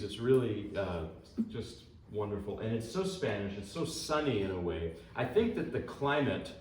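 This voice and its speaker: A man's voice: mid-range voice, darkish tone, distant mic. A man introducing pieces at a lecture recital, chatting casually with the audience and wandering into amused asides. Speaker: performer giving a lecture recital. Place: hall with live audience. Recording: echoey hall, speaker off-mic.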